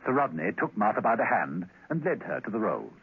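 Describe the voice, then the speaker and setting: A man narrating a radio spy drama in wry, measured storytelling. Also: on the low side, big pitch swings, breathy edge. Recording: tinny radio broadcast with music.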